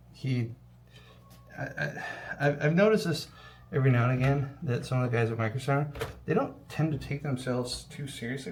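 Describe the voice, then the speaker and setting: A man's voice: mid-range voice, creaky, slight background noise. A young adult man rambling casually while building a PC, with lots of ums and the odd swear word. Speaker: PC builder vlogger. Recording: echoey room with faint ambience.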